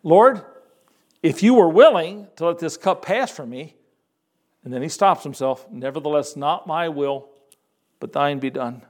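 An older male preacher delivers a sermon, his voice sitting a little high for a man. He leans on repetition, quotes scripture and lets his delivery rise and fall for emphasis. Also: a little slow. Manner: expressive, repeats words for emphasis, quotes scripture.

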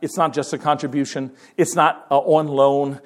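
Man, high voice, pastor, conversational sermon, restarts and fillers. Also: flat delivery, moderate pace.

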